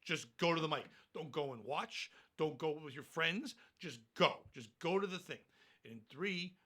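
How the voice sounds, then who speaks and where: A man's voice: a little high, animated, moderate pace, sharp tone. A man, a stand-up comedian, talking bluntly and profanely in a casual podcast interview.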